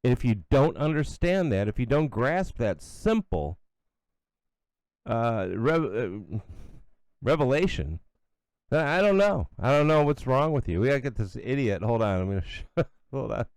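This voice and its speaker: Middle-aged male commentary host, blunt and sarcastic. Smooth, resonant voice, close and dry. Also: mid-range voice, very animated, measured pace, a little mellow, dry recording. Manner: blunt, sarcastic, scornful, with asides and restarts. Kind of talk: opinionated solo commentary.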